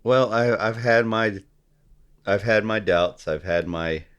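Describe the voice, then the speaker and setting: A man as a podcast guest in casual political chat, halting and often restarting his sentences. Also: on the low side, clean tone. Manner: halting, repeats and restarts, gropes for names.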